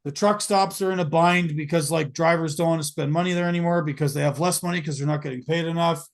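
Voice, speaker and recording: A man's voice: fairly high pitch, steady tone, fast talker. A man hosting a podcast, talking casually in long, rambling runs full of fillers and restarts. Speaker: podcast host.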